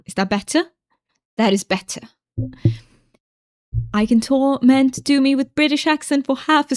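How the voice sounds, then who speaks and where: A woman's voice: sits high, dry recording, studio quality. A young woman chatting casually while streaming a game, laughing often and making fun of herself.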